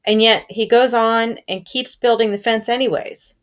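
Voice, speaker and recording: A woman reading a novel aloud, telling it in a calm first-person storytelling manner. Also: on the high side, moderate pace. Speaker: reader.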